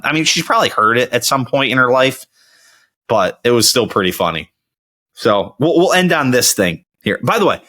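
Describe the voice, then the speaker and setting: A man's voice: mid-range voice, pushed and bright. A young man hosting his own show, chatting casually and telling rambling stories with frequent restarts. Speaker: podcast host. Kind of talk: casual solo chat.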